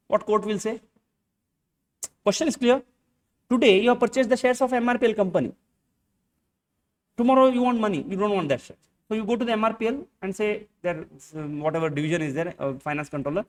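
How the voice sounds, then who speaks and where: High-voiced Indian man lecturing a class. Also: fast, long pauses, recorded from a distance. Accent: Indian English. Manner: asks students rhetorical questions, acts out little dialogues. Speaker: accounting teacher.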